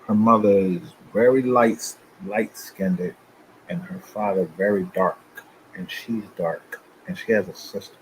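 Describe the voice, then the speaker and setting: A man's voice: on the low side, fairly even intonation, unhurried, a little hiss or hum, rough recording. A man hosting his channel, talking loosely and profanely in a confrontational rant to his viewers. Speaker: channel host.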